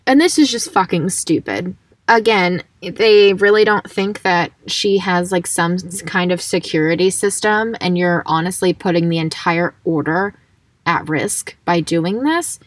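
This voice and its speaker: A woman's voice: fairly low pitch, measured pace, no echo, recorded from a distance. A woman co-hosting a casual book podcast, chatting loosely, swearing freely and laughing often. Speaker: podcast co-host. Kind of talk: casual chat and reading aloud from a book.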